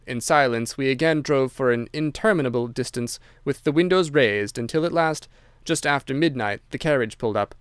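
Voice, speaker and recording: A man narrating a classic detective story in a measured, storytelling style. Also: medium pitch, smooth, no room sound, clean studio sound. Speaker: audiobook narrator. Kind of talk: scripted audiobook narration.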